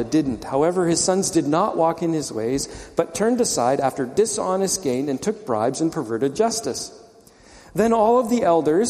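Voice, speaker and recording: A man's voice: fairly high pitch, warm tone, in a large hall. A man pastor preaching a conversational sermon, explaining scripture and asking rhetorical questions.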